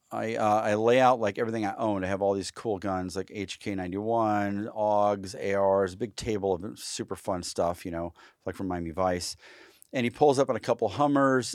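A man telling stories as a guest in a casual podcast interview, rambling and animated, full of "like" and swearing. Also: on the low side, no echo, studio quality. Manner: acts out quoted people loudly. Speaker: guest, firearms trainer.

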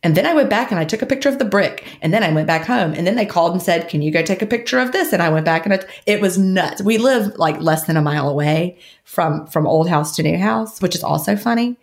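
A woman's voice: fairly low pitch, lively intonation, quick pace, hardly any pauses. A woman co-hosting a podcast in casual chat, rambling and laughing often as she talks. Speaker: podcast co-host.

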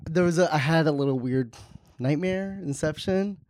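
A man's voice: on the high side, normal speed, a little mellow, dry recording, studio quality. A man co-hosting a podcast in a joking, casual way, often laughing and slipping into silly bits. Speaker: podcast co-host. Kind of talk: casual comedic chat.

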